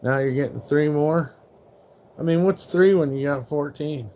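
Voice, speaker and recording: A man's voice: on the high side, measured pace, dark tone. A man casually chatting on his live stream at home, swearing freely and teasing his dog about its food. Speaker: livestream host.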